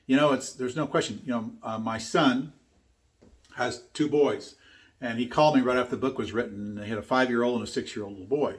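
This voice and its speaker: A man's voice: mid-range voice, fairly even intonation, a little fast. Man, older, motivational talk, earnest storytelling, emphatic repetition, mid-range voice. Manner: earnest, emphatic storyteller who repeats key points. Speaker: speaker teaching his own method.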